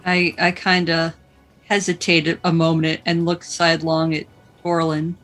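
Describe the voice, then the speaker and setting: Woman player, talks real slow, hesitant, faint music behind. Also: deep voice, little pitch movement, a bit bright. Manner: hesitant, halting. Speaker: tabletop game player.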